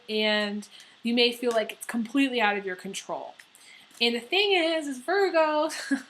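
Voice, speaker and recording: A woman's voice: fairly high pitch, a bit bright. A woman giving a casual, rambling tarot horoscope reading, full of fillers and the odd swear word. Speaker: tarot reader.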